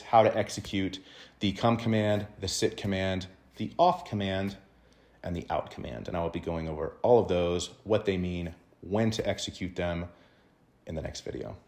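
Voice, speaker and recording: A man's voice: sits low, normal speed, darkish tone. A man explaining dog training to owners in an emphatic teaching tone, often checking in with "right?". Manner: emphatic, keeps asking "right?".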